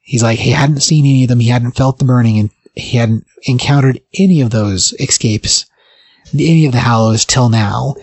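A man co-hosting a podcast, casually retelling a comic's plot in a rambling way full of fillers. His voice sits at an ordinary pitch. The sound is close and dry, with no room echo. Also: moderate pace, darkish tone. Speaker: podcast co-host. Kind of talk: casual comic book recap.

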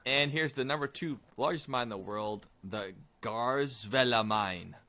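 Man as a joking quizmaster, bright and tense tone, dry close sound. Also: medium pitch, no room sound. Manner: jokey, teasing, drawn-out reading of answers. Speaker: podcast host running a trivia quiz. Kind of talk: casual quiz banter.

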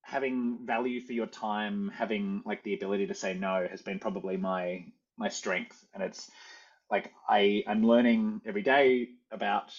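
Low, husky Australian man chatting. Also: flat delivery, moderate pace, highs cut off. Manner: chatty, self-correcting, frequent "like" fillers. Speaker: guest. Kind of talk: casual interview conversation.

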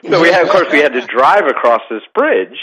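A man's voice: fairly high pitch, big pitch swings, brisk, fairly bright tone, husky, low-quality recording. A middle-aged man telling a ghost story in casual chat, rambling with lots of fillers and restarts.

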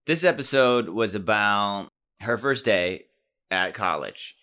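A man's voice: on the low side, expressive, slow pace, pushed and bright. A young man co-hosting a podcast in casual chat, joking and rambling with many fillers. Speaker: podcast co-host.

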